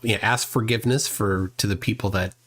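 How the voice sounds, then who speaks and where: A man's voice: on the low side, steady tone, a little fast, a bit bright. A man hosting a live stream, reading viewer comments aloud and joking with playful voices. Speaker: host.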